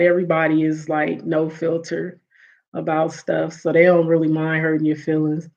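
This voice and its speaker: Laughing woman telling a family story. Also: low-pitched. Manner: animated, laughs often, acts out quoted relatives. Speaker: livestream host. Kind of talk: casual storytelling to live chat. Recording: dull lo-fi audio.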